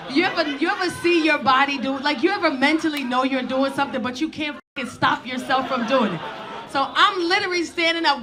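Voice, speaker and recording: A woman stand-up comedian telling a profane, animated story that builds to shouts. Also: high-pitched, a little fast, background noise. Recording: live club, crowd laughter. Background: audience laughter.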